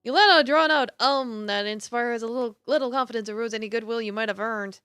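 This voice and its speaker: A woman's voice: a little high, fast, fairly bright tone, smooth, no room sound, clean studio sound, faint music behind. A woman streaming a game, reading its narration aloud with a playful, self-mocking manner. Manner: playful, self-mocking, laughs at her own voices. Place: home streaming setup.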